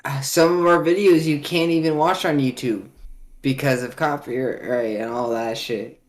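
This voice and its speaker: A man's voice: mid-range voice, steady tone, normal speed. Man explaining things on a podcast. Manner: explanatory, filler-heavy. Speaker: podcast co-host. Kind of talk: casual podcast chat.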